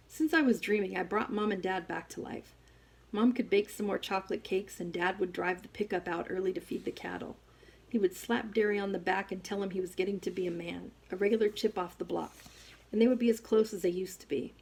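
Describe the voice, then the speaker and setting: Woman, audiobook narrator, expressive first-person storytelling, husky tone, mid pitch. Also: fairly quick. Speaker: audiobook reader.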